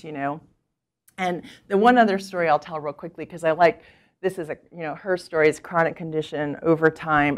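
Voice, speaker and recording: A middle-aged woman physician giving a talk, telling patient stories and acting out what people said, with frequent restarts. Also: fairly low pitch. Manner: animated storyteller, acts out quoted people with laughs; thinks aloud with restarts and fillers. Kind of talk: conference talk with storytelling.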